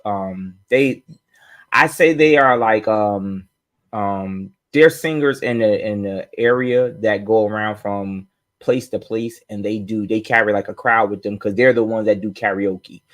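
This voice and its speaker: A man co-hosting a podcast, telling stories in a loose, animated way with lots of fillers and restarts. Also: fairly low pitch, a little slow. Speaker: podcast co-host. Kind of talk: casual chat.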